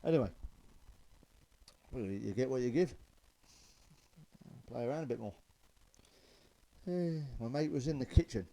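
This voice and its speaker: A man's voice: medium pitch, animated, measured pace, creaky, pauses often, mellow, rough recording. A man telling stand-up jokes, loose and chatty, chuckling at his own punchlines. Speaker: stand-up comedian.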